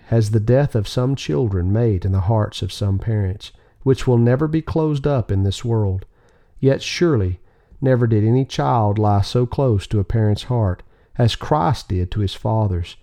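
A man reading an old sermon aloud as an audiobook, in a measured, solemn manner with rising emphasis. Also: mid-range voice, mellow. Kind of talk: scripted devotional reading.

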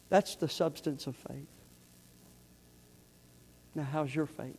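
A man preaching a sermon, telling a story with lively energy before turning soft and earnest. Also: a little high, slow, long pauses, husky. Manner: animated, rising to near-shouting in the story, dropping soft and earnest for the appeal. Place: church sanctuary. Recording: long hall reverb.

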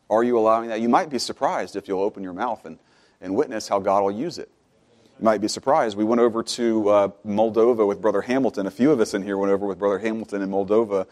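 A man preaching a sermon, starting quiet and conversational and building to loud, fervent exhortation. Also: on the low side, quick pace.

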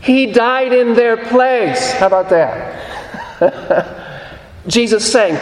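Male pastor with a high voice, earnest sermon delivery, roomy church echo. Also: expressive. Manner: earnest, repeats phrases for emphasis, slows on key lines. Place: church sanctuary. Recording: echoey hall.

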